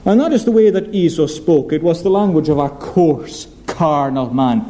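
Guy preaching a sermon, kinda high voice but warm and mellow, keeps firing questions at you. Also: animated, normal speed, hardly any pauses, poor audio. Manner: emphatic, asks rhetorical questions and repeats key phrases.

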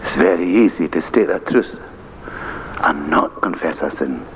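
A man's voice: a bass voice, measured pace. An older man, a minister preaching an earnest, emphatic sermon. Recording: dull lo-fi archive recording with faint hiss.

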